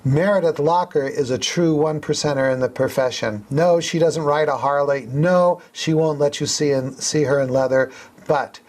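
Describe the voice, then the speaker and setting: Guy hosting a podcast, slightly high voice, jokey and quick. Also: a little mellow. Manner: joking, quick and playful. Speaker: podcast host. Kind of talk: casual podcast chat. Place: hypnosis center office.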